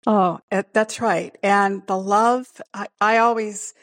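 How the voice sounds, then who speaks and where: A woman scientist chatting casually, animated and quick to laugh, often restarting her words. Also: mid-range voice, no echo. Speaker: scientist guest. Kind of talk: casual conversation. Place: home in Northern Kentucky.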